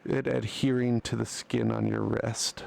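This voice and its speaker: Slow gravelly man running a game. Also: mid-range voice, flat delivery, darkish tone. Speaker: dungeon master.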